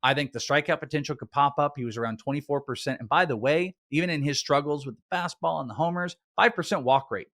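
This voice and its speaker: A man co-hosting a fantasy baseball chat, reeling off stats in a quick, animated way. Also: a little high, no echo, clean studio sound. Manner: stat-heavy, quick and animated. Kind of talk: casual analytical chat.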